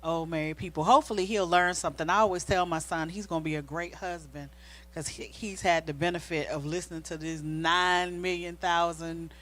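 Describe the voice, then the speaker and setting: A woman's voice: on the low side, fairly quick. A middle-aged woman co-hosting a church marriage talk, telling a personal story in a casual, sermon-like way and acting out the quoted dialogue. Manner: animated, acts out quoted dialogue. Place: church sanctuary.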